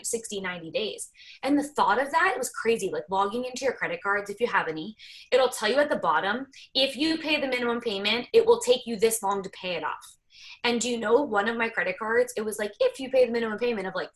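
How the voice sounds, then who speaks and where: A woman's voice: a little high, a bit bright. Woman in her 30s, chatty and candid, tells her story with lots of laughs. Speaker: network marketing team leader. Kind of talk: casual team call story.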